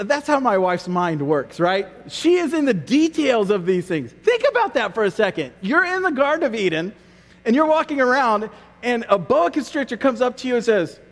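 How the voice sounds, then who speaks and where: A man's voice: high voice, sing-song, normal speed, in a large hall. A man preaching a sermon as pastor, earnest and conversational, often repeating his words as he goes.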